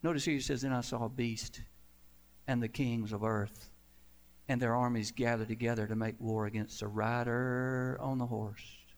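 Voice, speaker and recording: A man, a pastor, preaching a sermon with emphatic swells and drawn-out, falling endings. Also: mid-range voice, fairly even intonation.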